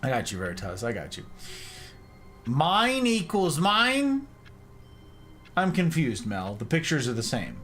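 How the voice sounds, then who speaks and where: A man's voice: on the low side, sing-song, quick pace, few pauses, faint music behind. A man streaming a game, chatting casually and teasing his viewers with playful, repetitive banter. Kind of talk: casual live-stream commentary reading chat.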